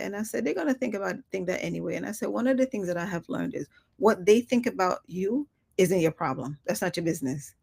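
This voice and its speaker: A woman's voice: fairly low pitch, fairly quick, gravelly, darkish tone, slightly rough. A woman talking candidly in a reflective personal live stream, often laughing and acting out her own quoted remarks.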